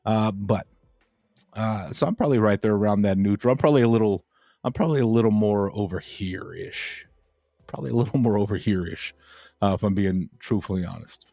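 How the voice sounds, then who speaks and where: A man's voice: fairly low pitch, fairly quick, dark tone, no echo. A man hosting a crypto livestream, chatting casually and rambling with lots of fillers and repeated phrases.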